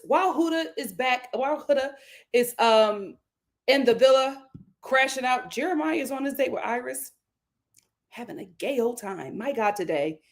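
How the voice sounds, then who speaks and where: A woman hosting a live reality TV recap, animated and exclamatory, laughing often. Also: sits high. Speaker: reality show recap host.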